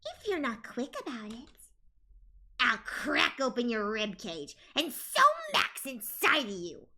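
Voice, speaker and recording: A woman reading out a cryptic, cruel female character from a video game, slow and threatening. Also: a little high, very animated, bright, forceful tone, exaggerated voice. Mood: menacing. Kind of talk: reading game dialogue aloud.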